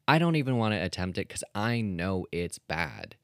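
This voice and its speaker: Male solo podcaster, casual rambling chat, lowish voice, dry close mic. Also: sing-song, normal speed, dry recording. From Canada. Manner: rambling and self-deprecating, many ums and restarts. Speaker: podcast host.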